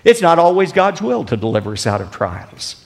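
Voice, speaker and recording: A pastor delivering a sermon with dramatic swings in loudness and emphasis. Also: male voice, very animated, fairly quick, big-room sound. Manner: dramatic preaching with big swings in pitch and volume.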